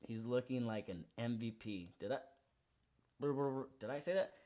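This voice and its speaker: A man's voice: medium pitch, a little slow, mellow. A young man hosting a sports betting show, running through his picks in a slangy, hyped, confident way. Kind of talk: casual betting picks rundown.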